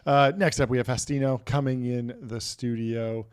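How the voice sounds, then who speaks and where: A man's voice: mid-range voice, steady tone, normal speed, clean tone. A man hosting a tech talk show, upbeat and joking as he brings guests on. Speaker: show host.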